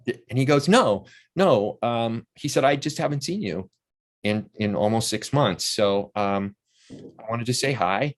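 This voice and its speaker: Telling stories during a relaxed interview, a sixty-something actor-playwright acts out each quoted person's voice with lively energy. His voice sits in the mid-range, and his pace is a little slow.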